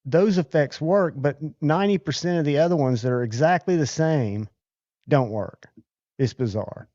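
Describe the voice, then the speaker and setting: A man's voice: fairly high pitch, normal speed, warm tone, dry recording, highs cut off. A man hosting a casual livestream, chatting loosely and thanking viewers by name. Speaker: livestream host.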